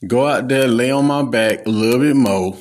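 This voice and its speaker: A man's voice: medium pitch, moderate pace, a little mellow. A man hosting his own podcast, giving a blunt, profane, lecturing solo rant. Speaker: podcast host.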